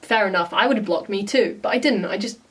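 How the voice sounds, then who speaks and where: A woman's voice: mid-range voice, fast talker, a bit bright, distant mic. A woman vlogger giving casual reaction commentary, blunt and exasperated, often swearing.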